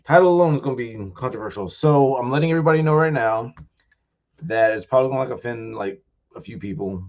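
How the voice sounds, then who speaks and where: A man, an author at a live festival talk, retelling his book in a rambling, excitable way full of "like.". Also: mid-range voice, quick pace, lo-fi sound. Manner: rambling, loaded with "like"; excitable, thanks the crowd warmly.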